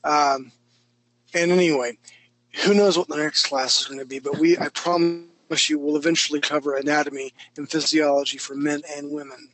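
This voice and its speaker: A man's voice: fairly high pitch, flat delivery, normal speed, a bit bright, rough recording. A man teaching a live online drawing class, chatty and self-mocking as he talks through each stroke. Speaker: drawing instructor.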